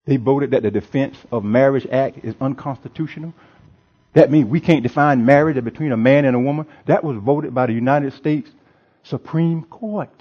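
Preaching to his congregation in a church, a male pastor speaks in a mid-range voice at a moderate pace. He leans on emphasis, repeats phrases, and chuckles often, though the recording has its highs cut off.

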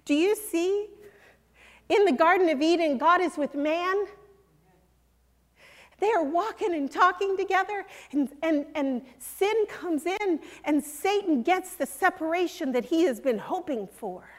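High-voiced woman preaching in a reverberant hall. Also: lively intonation, a little slow. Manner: earnest, emphatic, drops to soft intimate tones for scripture. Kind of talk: sermon. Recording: long reverb of a large hall.

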